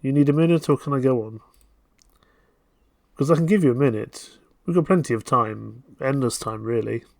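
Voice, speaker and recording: A smug, teasing ocean spirit from a dating game speaks in a sly, mock-polite way, as a man puts it on. The voice is gravelly with vocal fry, and the room sounds dry. It is an everyday male pitch, neither high nor low. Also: moderate pace, pauses often, dry recording, close to an everyday voice. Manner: smooth, mock-polite, insinuating.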